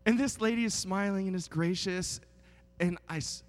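A man's voice: sits high, normal speed. A man in his thirties preaching a sermon as a guest, telling funny stories in a chatty, self-mocking way with lots of fillers. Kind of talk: joking storytelling sermon. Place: large church sanctuary. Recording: long hall reverb in a big church.

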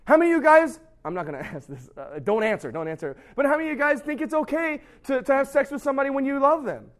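A man's voice: very high-pitched, fast talker. A young man giving a youth sermon as a pastor, talking casually and acting out the excuses his students make. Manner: conversational and animated, acts out students' excuses.

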